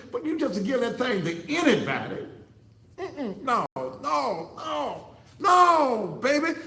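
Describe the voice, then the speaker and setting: A man giving blunt, fiery advice in a preaching-style monologue, repeating words in bursts and swooping up high. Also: a bit bright. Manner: blunt, street-talking advice. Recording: roomy, echoey sound.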